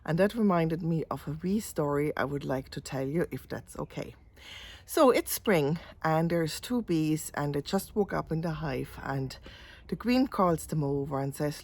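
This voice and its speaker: A woman telling a gentle, chatty little story in a casual way. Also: sits low, lively intonation, moderate pace.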